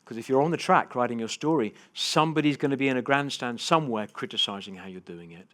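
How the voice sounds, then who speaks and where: A man giving a motivational keynote to a live audience, telling personal stories with big swings between hushed and loud delivery. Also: medium pitch, fast. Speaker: keynote speaker. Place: conference stage before a live audience.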